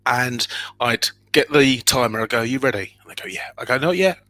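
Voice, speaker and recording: A man as an interview guest, telling personal stories in an animated way and acting out scenes with sudden loud exclamations. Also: mid-range voice, fairly quick.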